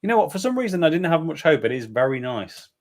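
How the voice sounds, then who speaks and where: A man's voice: fairly high pitch, big pitch swings, fast. Rambling joking man reading out comments. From England. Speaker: live stream co-host. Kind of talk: casual chat reading viewer comments.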